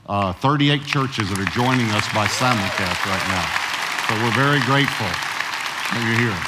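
A man preaching a sermon as pastor, who slows down to stress key words and often restarts his sentences. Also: mid-range voice, background noise. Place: large church. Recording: church sanctuary reverb.

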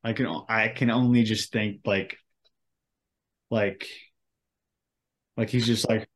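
A man's voice: lowish voice, level tone, takes it slowly. A man co-hosting a podcast, rambling in casual chat and searching for his words. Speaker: podcast co-host.

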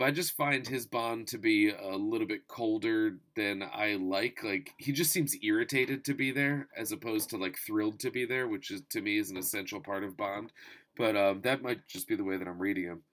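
A man in his thirties talking casually about movies, with wry asides, swearing, and sudden animated jumps in pitch and volume. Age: 30s. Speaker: movie reviewer. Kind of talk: casual spoken movie review.

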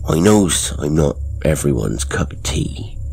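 A man's voice: a bass voice, sing-song, a little slow, vocal fry, a little mellow, a little hiss or hum, heavily acted. A man voicing a plump, creepy male lorry driver who speaks in a rustic working-class dialect and sounds apologetic and ingratiating.

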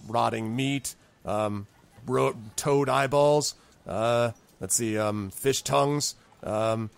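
A man voicing a sly, haggling male goblin chief who hesitates with many ums and then breaks into loud, high outbursts. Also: slow, gravelly, clean tone. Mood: casual.

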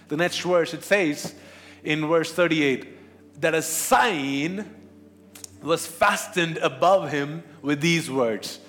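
High-voiced preacher in a reverberant hall. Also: male voice, slow, fairly bright tone. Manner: preaching with questions to the congregation. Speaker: pastor. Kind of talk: sermon.

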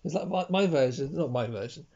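A man's voice: on the high side, lively intonation, brisk, a little mellow. Jokey man co-hosting a podcast. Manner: jokey, laughs often. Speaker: podcast co-host. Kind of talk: casual chat. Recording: dull lo-fi recording.

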